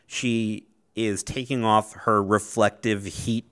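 A man's voice: fairly low pitch, little pitch movement, takes it slowly, a bit bright. A man co-hosting a casual podcast who gives short, dry verdicts and then explains at length with fillers. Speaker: podcast co-host.

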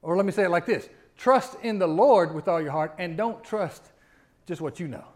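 Middle-aged male pastor, high voice, chatty sermon delivery with rhetorical questions that swells to loud emphatic climaxes. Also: normal speed. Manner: conversational preaching, rising to loud emphatic peaks, frequent rhetorical questions.

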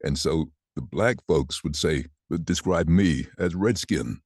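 A man in his sixties who is a voiceover artist, telling lively stories about his life in a relaxed interview. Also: a bass voice, unhurried, slightly rough, no room sound, clean studio sound. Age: 60s. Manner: chatty, animated anecdotes with laughs. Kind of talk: casual storytelling interview.

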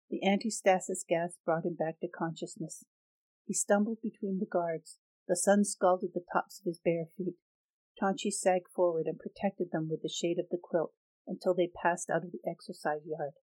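A woman narrating a dark fantasy novel as an audiobook, in a steady, measured reading. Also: fairly low pitch, dry recording, low-quality recording.

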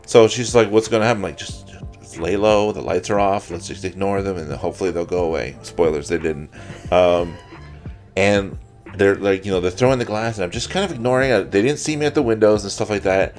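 A man's voice: deep voice, brisk, a little mellow, faint music behind. A young man co-hosting a podcast, telling a long rambling story full of swearing and acted-out quotes. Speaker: podcast co-host. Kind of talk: casual storytelling.

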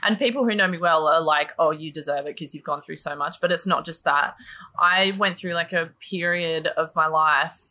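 A woman's voice: low-pitched, moderate pace, pushed and bright. A woman chatting candidly, swearing freely and filling her talk with likes and ums. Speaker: guest sharing her story. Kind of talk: casual chat.

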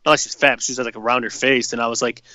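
A man's voice: mid-range voice, little pitch movement, very fast, sharp tone, dry recording. A young man co-hosting a podcast, chatting in a laid-back, profane way with many hesitations. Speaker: podcast co-host. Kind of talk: casual chat.

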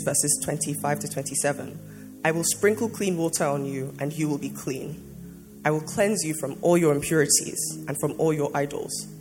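A worship leader giving a fervent devotional exhortation and reading scripture aloud. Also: medium pitch. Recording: music playing behind. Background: soft worship music.

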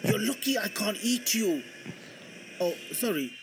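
A man's voice: high-pitched, very animated, measured pace. A man leaving a voice message in a bad mock Indian accent, playing a crude, brash caller. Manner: crude, abrupt insults, bad put-on accent. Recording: noisy voice message.

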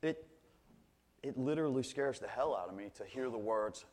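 A man preaching a sermon in an earnest way, often repeating words as he restarts phrases and slowing right down to stress key points. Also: medium pitch, expressive.

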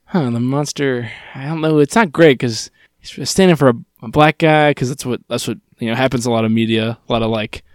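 A man co-hosting a podcast, casually recapping a TV episode and quoting the characters in quick asides. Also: mid-range voice, steady tone, dry recording, clean studio sound. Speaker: podcast co-host.

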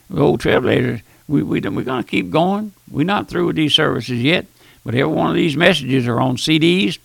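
An older preacher delivers a boisterous radio sermon in a very gravelly, husky voice. He repeats himself in a folksy way. The sound is dry and close. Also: on the high side, a bit bright, dry recording.

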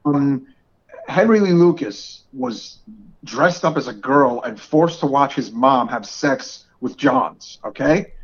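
A man in his forties with a New York area accent, co-hosting a podcast in casual chat and laughing often. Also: mid-range voice. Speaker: podcast co-host. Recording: dull lo-fi podcast audio.

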